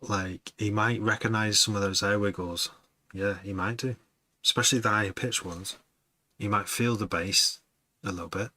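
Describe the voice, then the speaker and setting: A man with a low voice and a bright, forceful edge chats casually to his viewers as a music producer. He rambles, laughs often and thinks out loud. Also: fairly even intonation, moderate pace. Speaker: music producer streaming to chat. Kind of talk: casual chat with livestream viewers.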